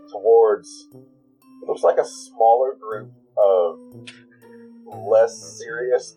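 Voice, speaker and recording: A man narrating a tabletop game as game master, measured and descriptive. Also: lowish voice, dark tone, poor audio.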